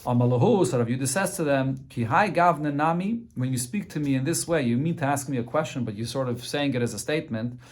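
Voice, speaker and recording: A man's voice: mid-range voice, quick pace, hardly any pauses, a little mellow. Guy giving a talmud lesson, reads a bit then explains, lots of restarts and little uhs. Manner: translates Aramaic phrase by phrase with frequent restarts. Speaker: Talmud teacher.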